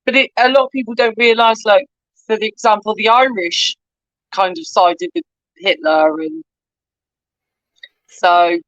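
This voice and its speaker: A woman's voice: mid-range voice, unhurried, pauses often, a bit bright, no echo, lo-fi sound. A woman from Cornwall with a strong Cornish West Country accent, rambling and chatty as a podcast guest. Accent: Cornish West Country English. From Cornwall, England. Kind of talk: casual conversation.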